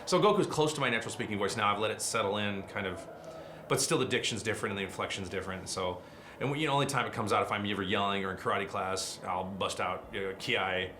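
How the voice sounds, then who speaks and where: Middle-aged voice actor guy, talks fast, tumbling anecdotes, casual interview vibe. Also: on the low side, background noise. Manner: fast, animated anecdotes with quick asides.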